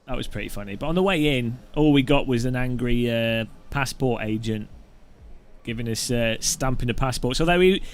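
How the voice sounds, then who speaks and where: A man's voice: medium pitch, brisk. A British man giving casual, joking commentary while sim racing, rambling into funny anecdotes.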